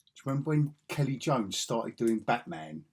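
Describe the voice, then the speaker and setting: A man's voice: medium pitch, expressive, normal speed, a little mellow, breathy edge. A man, musing aloud in a rambling, casual way as he looks through old comic magazines. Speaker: comic collector vlogger. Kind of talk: casual chat while flipping through magazines.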